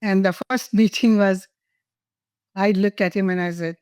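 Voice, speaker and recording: A woman's voice: medium pitch, steady tone, normal speed, smooth, dry recording. An older woman from India, a guest telling personal stories in an interview, laughing and emotional at times. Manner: warm, laughing, emotional storytelling.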